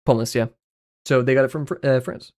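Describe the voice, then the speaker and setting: A man's voice: mid-range voice, steady tone, normal speed, a little mellow. A man streaming live, rambling through casual commentary, swearing freely, joking and laughing often.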